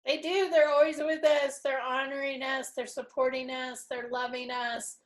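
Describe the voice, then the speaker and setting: A woman's voice: high-pitched, little pitch movement, normal speed. A middle-aged woman hosting a casual spiritual interview, effusive and openly emotional. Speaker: host.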